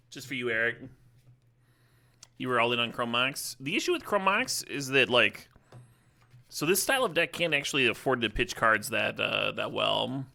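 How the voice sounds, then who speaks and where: A man streams a card-game draft, chatting casually with his viewers and telling rambling, joking stories as live-stream commentary. His mid-range voice is creaky and sharp in tone.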